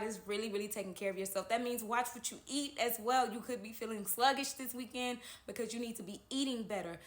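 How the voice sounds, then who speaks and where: Chatty woman reading tarot, echoey room. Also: medium pitch. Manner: chatty, reassuring, keeps adding "okay?". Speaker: tarot horoscope reader. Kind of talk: casual tarot reading monologue.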